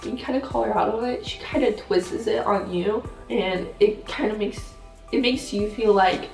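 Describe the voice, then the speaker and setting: A shy teenage girl co-hosting a casual sit-down chat, soft-spoken and hesitant, full of fillers. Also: medium pitch, normal speed. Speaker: channel co-host. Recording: roomy sound, mic at a distance, faint music.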